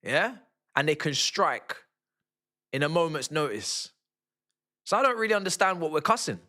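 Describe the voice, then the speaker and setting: A young man, giving excitable and slangy live commentary as he watches a football match with his stream. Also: on the high side, normal speed. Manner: excitable, slangy, shouting at goals. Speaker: fan streamer.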